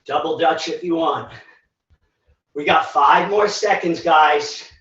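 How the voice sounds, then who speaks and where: A male fitness instructor, out of breath and slow, leads a live virtual workout in a fairly bright voice on the high side. He's encouraging as he counts down reps and cues each move, through echoey, distant, dull livestream audio.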